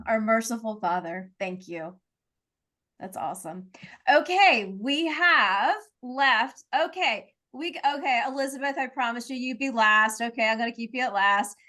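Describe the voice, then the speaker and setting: A woman's voice: high-pitched, sharp tone. A woman hosting a group video call, gushing and affectionate toward her guests. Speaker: host.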